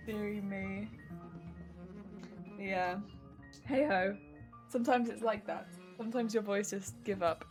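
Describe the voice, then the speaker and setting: A woman streamer chatting casually with her live chat while crafting, laughing often, her weak voice cracking when her pitch changes. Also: unhurried, pauses often, soft background music. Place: home crafting stream setup.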